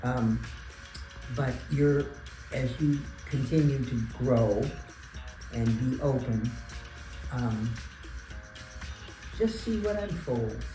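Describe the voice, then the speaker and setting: Woman, religious sister, reflective advice, searching for words, roomy echo, music clearly behind. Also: a bass voice, dark tone. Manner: thoughtful, pauses to search for words. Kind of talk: reflective advice to young people. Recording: echoey room with music behind.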